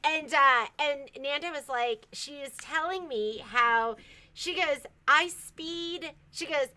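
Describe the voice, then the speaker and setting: Fast-talking, bright-voiced woman. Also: high-pitched. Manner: fast-talking, laughs often. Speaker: shop co-host. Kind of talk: casual livestream chat.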